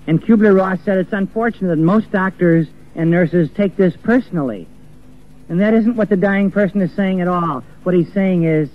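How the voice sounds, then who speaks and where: A man's voice: sits high, normal speed. Earnest preacher man on a tinny recording. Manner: earnest, acts out quoted voices. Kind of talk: sermon. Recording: tinny phone-like old recording with faint music.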